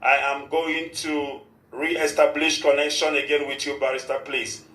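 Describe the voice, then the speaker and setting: A man's voice: a little high, little pitch movement, a little slow, pushed and bright, roomy sound, low-quality recording. A man hosting a live radio show in a formal, repetitive manner, with a short prayer. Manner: formal, repeats "of course" often. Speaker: radio host.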